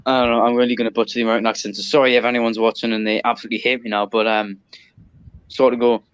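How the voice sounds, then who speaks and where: A man's voice: medium pitch, level tone, rapid-fire, a bit bright, a little hiss or hum. A man from northeast England with a Sunderland accent, chatting as a podcast guest with dry, teasing humor. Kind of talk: casual chat. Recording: dull, dry, lo-fi sound.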